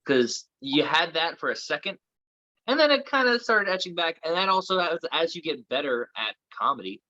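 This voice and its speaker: A man's voice: fairly high pitch, big pitch swings, moderate pace, bright, forceful tone, dry recording, dull audio. Man, comedian guest, casual podcast chat, rambling fillers, dry close sound. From Florida. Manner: rambling, filler-heavy talk.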